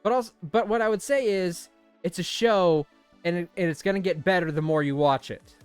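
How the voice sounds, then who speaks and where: A man hosting a gameplay video, chatting casually and reading game text aloud, animated and often laughing. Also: high-pitched, fairly quick, clear, resonant tone, soft background music. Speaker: let's play host.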